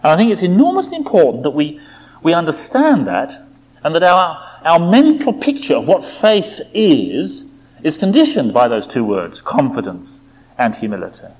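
A man preaching a sermon, with expressive delivery, rhetorical tag questions and dramatic quoted voices. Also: fairly high pitch, moderate pace, husky. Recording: dull lo-fi recording.

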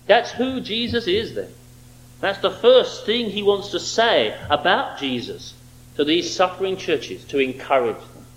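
A man's voice: high voice, expressive, measured pace, a bit bright, rough recording. A man preaching a sermon, emphatic and fond of rhetorical questions.

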